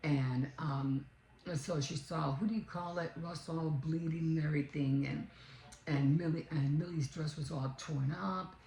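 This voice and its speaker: Low-voiced woman rambling through a story. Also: fairly even intonation, unhurried, dark tone, echoey room, rough recording. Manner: rambling, full of fillers and self-corrections. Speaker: vlogger. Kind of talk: casual story retelling.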